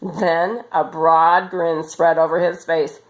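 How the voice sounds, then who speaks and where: A woman reading a children's story aloud as storyteller, in an expressive, animated manner. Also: deep voice, slow, poor audio.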